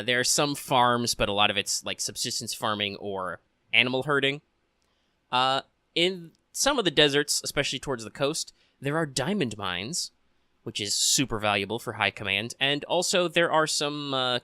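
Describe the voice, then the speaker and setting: A man's voice: medium pitch, moderate pace, clear, resonant tone, no room sound, studio quality. A man running a tabletop game as game master, casual and joking, with frequent fillers. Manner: relaxed and joking, with many fillers.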